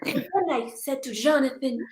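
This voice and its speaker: A woman's voice: high-pitched, moderate pace, roomy sound. A woman improvising a story on stage in an exaggerated mock French manner, theatrical and exclaiming. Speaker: improv performer.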